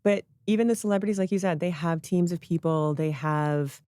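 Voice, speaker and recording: A woman speaking as a podcast guest, stressing her points emphatically and with encouragement. Her voice is mellow and a touch low, and it is recorded close and dry. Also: fairly quick, smooth, dry recording. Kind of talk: casual conversational chat.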